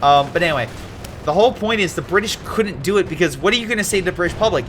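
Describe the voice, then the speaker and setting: A man's voice: high voice, expressive, very fast, fairly bright tone, slight background noise. A man casually commentating a strategy game replay, rambling into history tangents with many fillers and restarts.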